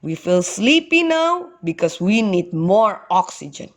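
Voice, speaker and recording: A woman voicing a kind, gentle father ox in a children's storybook, speaking slowly. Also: mid-range voice, sing-song.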